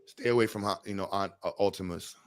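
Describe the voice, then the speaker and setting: A man's voice: deep voice, a little fast. A man hosting a casual livestream chat, talking bluntly and rambling with jokes. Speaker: host.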